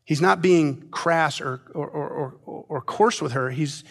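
A man pastor giving a conversational sermon, often restarting his sentences and dropping soft and low at tender moments. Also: a little slow, creaky.

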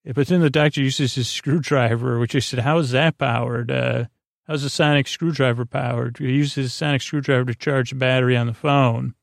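A man's voice: mid-range voice, fairly even intonation, normal speed, gravelly, no room sound, studio quality. A man hosting a podcast, giving a meandering, hesitant bedtime recap of a TV episode with lots of filler words. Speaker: podcast host.

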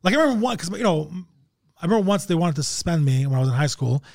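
A comedian guest on a podcast tells a story in casual chat, swearing constantly and acting out quoted dialogue with big pitch jumps. His voice is sing-song and very fast, creaky, with a darkish tone.

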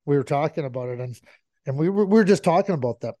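A man with a fairly high voice gives hockey opinions in a casual chat. He hammers his points home by saying them again and again, with plenty of restarts along the way. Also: expressive, fast, mellow. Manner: emphatic, repeats points for effect.

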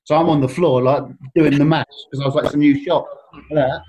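A man's voice: fairly high pitch, steady tone, brisk, a little mellow, slightly rough. A man telling a rambling, self-deprecating story in casual chat, laughing often. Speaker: guest telling stories.

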